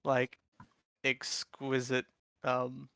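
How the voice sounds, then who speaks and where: Male game master, casual and rambling, bright tone. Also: mid-range voice, monotone, drawn-out words, smooth, dry recording. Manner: casual, rambling with many fillers. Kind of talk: narrating a tabletop game.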